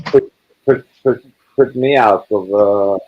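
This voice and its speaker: A man's voice: on the low side, slow, lo-fi sound, slight background noise. Blunt rambling man in casual chat. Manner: blunt, swearing, rambling with restarts. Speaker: live chat participant. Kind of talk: casual group video chat.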